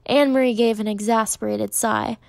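A woman narrating a children's novel in a measured, steady reading. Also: a little high, vocal fry, dry recording. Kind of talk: audiobook narration.

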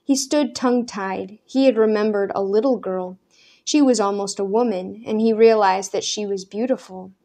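A woman reading a story aloud in a measured, even narration. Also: mid-range voice, vocal fry. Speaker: audiobook narrator. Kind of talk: scripted narration.

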